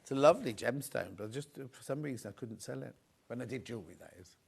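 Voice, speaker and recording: A man's voice: medium pitch, animated, fast, creaky, husky. A man presenting fabrics on a live TV shopping show, chatty and rambling, full of anecdotes.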